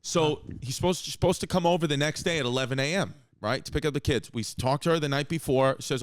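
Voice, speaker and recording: New man, comedy podcast host, quick storytelling, dry close mic. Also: on the high side, no echo. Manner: rapid storytelling with restarts and acted quotes. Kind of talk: casual comedic chat.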